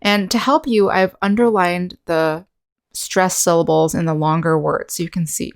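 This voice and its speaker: A woman's voice: fairly low pitch, fairly even intonation. Patient American woman teaching English. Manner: clear, patient, demonstrates sounds slowly. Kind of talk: scripted online lesson narration.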